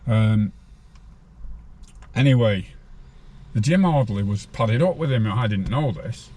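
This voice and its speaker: A man's voice: lowish voice, lively intonation, unhurried, warm tone. Blunt older man telling prison stories. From Farnworth, northern England. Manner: blunt, swears freely, laughs at his own stories. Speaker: guest, former prisoner. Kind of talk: casual storytelling interview.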